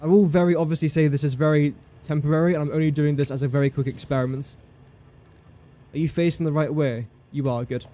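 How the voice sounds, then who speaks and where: A man's voice: a little high, fairly even intonation, fast, dark tone. A man streaming live gameplay commentary, thinking aloud in a chatty way, talking to his game and to viewers in chat.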